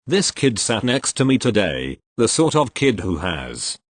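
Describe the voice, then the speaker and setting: A man reading online posts aloud in a steady, even scripted narration. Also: lowish voice, measured pace, no echo.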